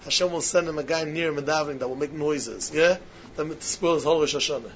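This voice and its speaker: A man with a high voice preaches in to his students. He hammers key phrases over and over, jumping from loud insistence to quiet, hushed asides. The recording is dull and lo-fi, with a faint hiss underneath. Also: fast. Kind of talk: sermon.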